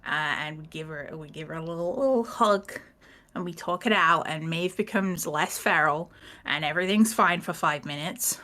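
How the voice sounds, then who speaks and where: A woman's voice: sits low, moderate pace, bright, forceful tone. A woman casually recapping the last session of a tabletop game, rambling, laughing and swearing as she quotes the characters.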